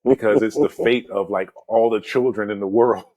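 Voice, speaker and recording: A man in his forties, a podcast host, retelling a film in a loose, animated way, full of "man" and "you know". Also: lowish voice, normal speed, no room sound. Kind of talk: casual movie discussion.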